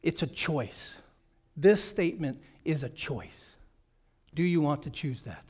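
Pastor, man in middle age, bright high voice, preaching with punchy repeated phrases. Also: animated, takes it slowly, husky. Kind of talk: sermon.

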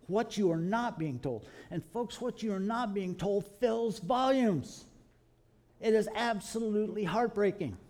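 A middle-aged man from Kentucky, telling animated stories to a live audience in a folksy preaching style, calling the listeners folks. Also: a little high. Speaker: creationist speaker.

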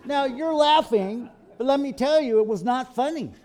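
A middle-aged man from Kentucky, telling animated stories to a live audience in a folksy preaching style, calling the listeners folks. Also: extremely high pitch, normal speed. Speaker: creationist speaker.

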